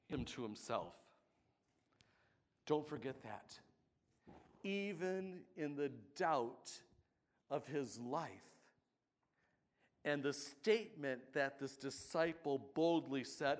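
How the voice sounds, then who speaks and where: A man's voice: medium pitch, expressive, takes it slowly, pauses often. A man preaching a sermon, building to emphatic passages and having the congregation repeat scripture with him. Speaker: pastor.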